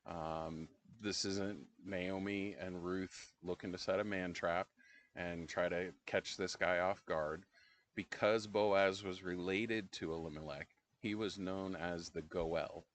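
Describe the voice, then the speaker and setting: Very low-voiced middle-aged man leading Bible study. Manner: relaxed and conversational, with frequent "um" pauses. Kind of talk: casual Bible-study discussion.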